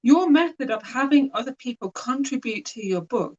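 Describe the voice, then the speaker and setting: A woman's voice: high-pitched, animated, normal speed, a little mellow, lo-fi sound. A woman hosting a conversational interview, asking structured questions and giving brief affirmations. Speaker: host. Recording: distant from the mic.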